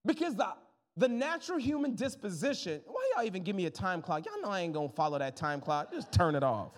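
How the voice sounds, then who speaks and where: Pastor, man in his thirties, very high voice, chatty sermon delivery full of asides. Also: fairly quick, long reverb tail. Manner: lively, conversational preaching with jokes and asides to the congregation.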